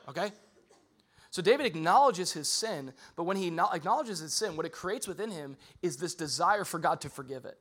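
A young adult man preaching a sermon as a pastor, talking casually and swinging between loud emphasis and soft, earnest passages. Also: a little high, animated, fairly quick.

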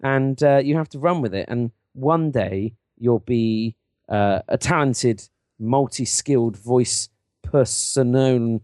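A man's voice: mid-range voice, slow, darkish tone, dry recording, studio quality. A man with a West Country English accent co-hosting a podcast, chatting playfully and boasting jokingly. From England. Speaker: podcast co-host. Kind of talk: casual podcast banter.

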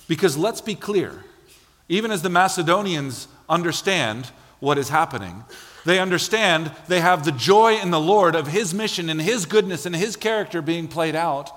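A man delivers a sermon, shifting between earnest teaching and playful acted-out asides. His voice sits a touch high for a man. The sound carries the long reverb of a church sanctuary. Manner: animated storytelling, acts out quotes. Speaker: pastor.

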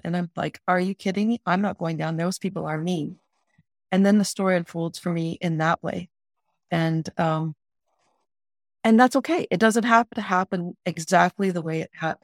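A woman's voice: lowish voice, dry recording, clean studio sound. A woman teaching a guided prayer practice in an earnest, plain-spoken way, often restarting her sentences. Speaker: spiritual director teaching prayer.

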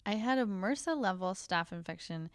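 A woman's voice: mid-range voice, expressive, normal speed, no room sound. A woman hosting a casual podcast chat. She talks candidly, laughs a lot and acts out the lines of people in her stories. Her voice sits in a middle register and is recorded dry and close. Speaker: podcast host.

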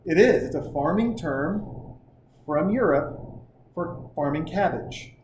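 A man's voice: on the high side, lively intonation, slow pace. A man hosting a casual podcast, talking in fired-up, profane, rambling tangents. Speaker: podcast host. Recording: echoey room with faint noise.

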